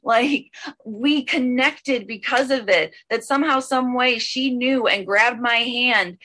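A woman telling a personal recovery story at an online meeting, rambling with many fillers and bursts of excited speed. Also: on the high side, slow pace. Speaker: speaker sharing a recovery story.

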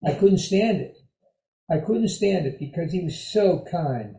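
An older man tells his own story in a high, mellow voice. He talks in an animated, conversational way and leans on repeated phrases. The room around him rings with echo. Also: unhurried, vocal fry. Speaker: storyteller sharing recovery story. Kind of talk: personal storytelling talk.

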